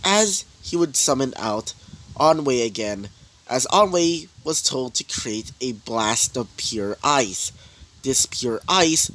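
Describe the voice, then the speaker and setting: A man's voice: medium pitch, expressive, slow, a bit bright, a little hiss or hum. A man improvising a fan story as narrator, rambling with fillers and self-corrections.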